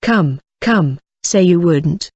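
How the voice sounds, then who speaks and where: An audiobook reader voicing a weary young woman who speaks softly and pleads with her man. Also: medium pitch, expressive, slow, husky, no room sound, lo-fi sound, heavily acted. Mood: pleading. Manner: soft, pleading.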